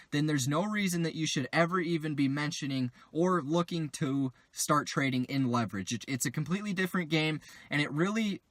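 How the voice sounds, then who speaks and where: Bright-voiced young man telling a story. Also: a little high, dry recording. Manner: rambling confessional storytelling with restarts. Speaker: crypto trading vlogger. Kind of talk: casual storytelling vlog.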